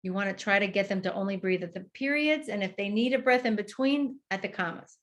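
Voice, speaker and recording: The woman continues demonstrating for therapists, modeling the exercise out loud with pauses and explaining each step. Her voice sits in the mid-range.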